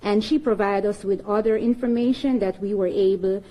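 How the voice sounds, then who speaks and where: A woman official giving a formal, measured press statement. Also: mid-range voice, fairly even intonation, crowd noise, poor audio. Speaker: jail official.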